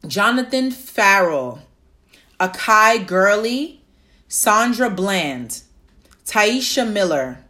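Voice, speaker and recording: A woman talking straight to her viewers in an emotional video, close to tears. She speaks slowly, with long deliberate pauses, and her voice is bright and tense. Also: mid-range voice. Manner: slow, deliberate reciting with heavy pauses. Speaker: vlogger. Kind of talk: emotional solo video address.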